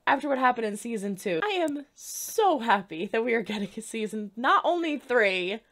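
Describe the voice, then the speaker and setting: A woman's voice: a little high, sing-song, normal speed, a bit bright. Bubbly woman reacting on camera. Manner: bubbly, gushing enthusiasm. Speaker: reaction channel host. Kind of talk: excited reaction vlog.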